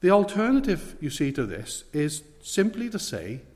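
A man's voice: fairly high pitch, wildly swooping pitch, a little mellow. Earnest male preacher, weighty sermon delivery in a reverberant hall. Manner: earnest, emphatic, slows for weight.

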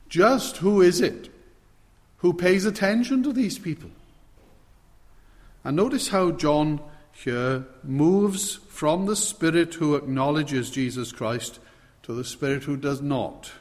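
A man preaching an expository sermon, stressing key words with sudden swells in volume. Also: mid-range voice. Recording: long hall reverb.

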